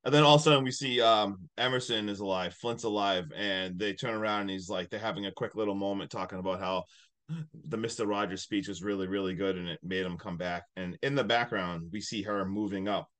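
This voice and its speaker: A man co-hosting a podcast, excitedly retelling movie scenes in casual chat. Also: fairly low pitch, a little fast. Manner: excitable storyteller, acts out scenes. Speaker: podcast co-host.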